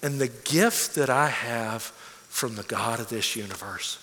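A man in his forties preaching a sermon as pastor, telling stories earnestly and swinging from hushed, quiet lines to emphatic ones. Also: medium pitch, unhurried. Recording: long reverb of a large hall.

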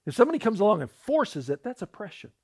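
A man's voice: high voice, big pitch swings, quick pace, gravelly, a little mellow, breathy edge. A man preaching a sermon, telling a personal story and acting out the voices in it, often repeating words as he starts a thought. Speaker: pastor.

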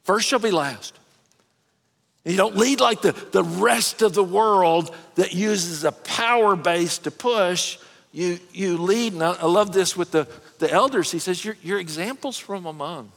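A middle-aged pastor with a notably high voice delivers an earnest, folksy sermon. He restarts his sentences and drops casual asides as he goes. A long hall reverb trails behind his voice. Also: a little slow, creaky, a bit bright. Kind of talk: conversational sermon.

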